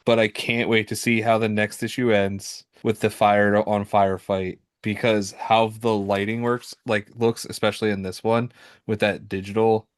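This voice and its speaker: A man's voice: fairly low pitch, flat delivery, moderate pace, smooth, dry recording, clean studio sound. A man co-hosting a comic book podcast, talking casually with fillers and self-corrections. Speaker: podcast co-host. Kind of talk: casual chat.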